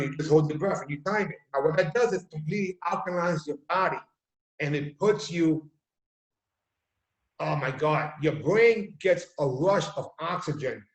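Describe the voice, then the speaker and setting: A man with a fairly high voice tells stories with energy and acts out what people say. He talks in a room with a lot of echo. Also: moderate pace. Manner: animated storyteller, acts out quotes. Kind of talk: casual video chat. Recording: echoey room.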